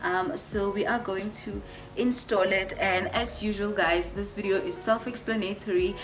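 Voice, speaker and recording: A woman's voice: medium pitch, fairly even intonation, moderate pace. A woman beauty vlogger doing a casual unboxing, gushing over each item and repeating her words as she talks to her viewers.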